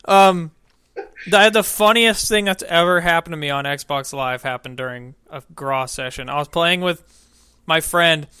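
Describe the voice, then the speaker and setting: A young man co-hosting a gaming podcast, telling a profane, animated story in casual chat. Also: a little high, normal speed, clear, resonant tone, dry recording, clean studio sound. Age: young adult. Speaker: podcast co-host.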